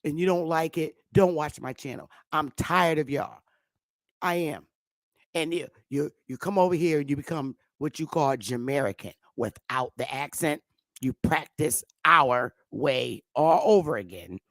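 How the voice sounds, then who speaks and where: A woman's voice: low-pitched, a little slow, dry recording. Blunt, profane woman ranting on a livestream. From United States. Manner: greets viewers by name. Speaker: YouTube livestream host. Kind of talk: heated livestream rant.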